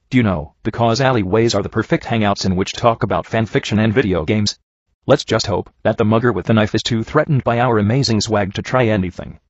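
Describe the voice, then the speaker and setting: Aussie guy reading bad fanfic deadpan, kinda husky, dull lo-fi sound. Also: lowish voice, fast, no echo. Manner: sarcastic, deadpan. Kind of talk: dry comedic reading and commentary. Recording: dull lo-fi home recording.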